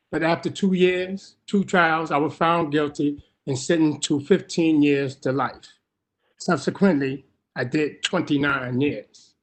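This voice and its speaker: Man in his 60s, public testimony, emotional, slow delivery, grows urgent, remote call. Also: on the high side. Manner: emotional, rising to urgent pleading.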